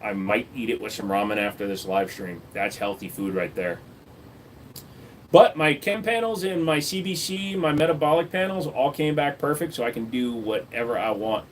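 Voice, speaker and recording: A man's voice: mid-range voice, moderate pace, slight background noise. Chatty man live streaming at home. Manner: chatty, jokey, talks to his dog in a baby voice. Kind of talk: casual live stream chat.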